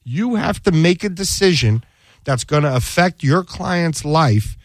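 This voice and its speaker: A man's voice: on the high side, a little slow, no room sound. A man who works as a defense attorney, telling a courtroom story in a casual chat and acting out the quoted dialogue. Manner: animated, acts out quoted dialogue.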